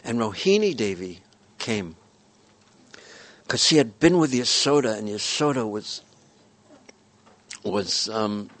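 A man telling a devotional story in a gentle, repetitive storytelling manner. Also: lowish voice, animated, slow, long pauses.

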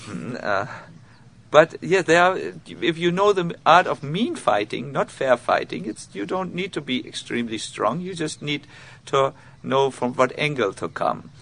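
A man with giving an informal spiritual lecture, halting with many fillers and restarts, and self-mocking. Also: fairly high pitch, very animated, gravelly, fairly bright tone, a little hiss or hum. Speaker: spiritual teacher giving a talk.

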